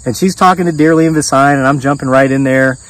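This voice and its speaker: A middle-aged man spins a long, rambling story to his vlog audience, stopping and restarting as he goes. His pitch sits right in the middle for a man. He sounds set back a little from the mic. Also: fast talker, distant mic, poor audio. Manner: rambling, animated retelling with restarts and quoted dialogue. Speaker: homesteading vlogger. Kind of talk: casual storytelling monologue.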